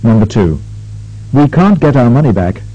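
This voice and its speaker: A man instructing a recorded pronunciation drill, speaking slowly and carefully with exaggerated intonation. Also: mid-range voice, very animated, mellow. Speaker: language lab instructor. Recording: dull lo-fi tape recording.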